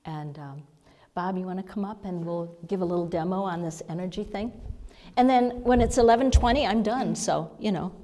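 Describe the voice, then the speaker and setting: Woman spiritual speaker, low voice, rambling and chatty, slips into whispers, long hall reverb. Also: normal speed. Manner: chatty and meandering, drops to a hushed whisper. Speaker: spiritual speaker and sound healer. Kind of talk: informal spiritual talk to a congregation.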